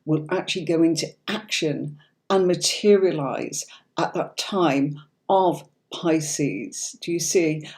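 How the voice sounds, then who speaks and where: A woman's voice: low voice, a little mellow. A woman from Yorkshire with a neutral standard British accent, hosting a live-stream tarot reading in a chatty, reassuring way and often checking in with listeners. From Yorkshire, England. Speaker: tarot reader hosting a livestream.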